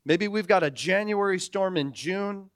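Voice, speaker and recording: A man in his forties preaching a sermon, telling stories in a lively way and acting out the people in them. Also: high-pitched, measured pace, dry recording, clean studio sound. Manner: animated storytelling, acts out characters. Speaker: pastor.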